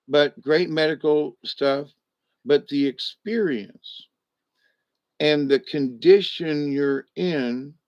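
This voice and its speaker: An older man chatting casually to his viewers, drowsy and a little medicated after a hospital stay, meandering and halting with many restarts. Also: medium pitch, dry recording. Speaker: vlogger talking to live chat. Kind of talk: rambling casual chat to viewers. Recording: dry, dull lo-fi home recording.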